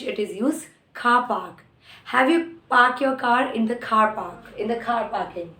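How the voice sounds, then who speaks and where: Indian English woman teaching, echoey room. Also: on the high side. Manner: explains word pairs, repeats example words slowly. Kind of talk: spoken English lesson. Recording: roomy echo.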